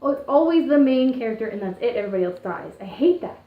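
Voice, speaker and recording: A Canadian woman co-hosting a podcast, talking in an animated way with sarcastic asides. Her voice sits a little high. The recording is roomy and a bit dull. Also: fast talker. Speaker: podcast co-host. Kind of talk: casual chat.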